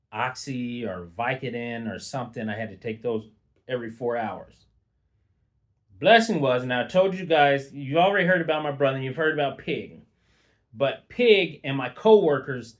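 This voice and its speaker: A man's voice: medium pitch, a bit bright. A middle-aged man telling an unscripted personal story in a casual, rambling way, with fillers and restarts. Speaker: vlogger.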